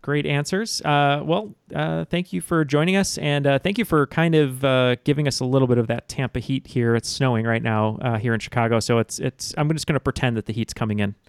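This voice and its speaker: A man hosting a trivia podcast in casual chat, relaxed and filler-heavy. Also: medium pitch, fairly quick, creaky, few pauses, clear, resonant tone, no room sound, studio quality.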